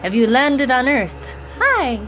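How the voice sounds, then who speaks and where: Sing-song high-voiced mother coaxing babies. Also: lively intonation, takes it slowly, soft background music. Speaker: mother filming her babies. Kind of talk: home video baby talk. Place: family home.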